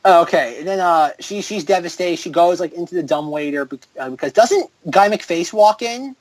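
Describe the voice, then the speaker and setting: A man's voice: high voice, animated, moderate pace, no room sound, low-quality recording. A man co-hosting a film podcast, recapping scenes in a rambling, casual way with lots of fillers and mocking quoted lines. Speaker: podcast co-host. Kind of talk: casual chat.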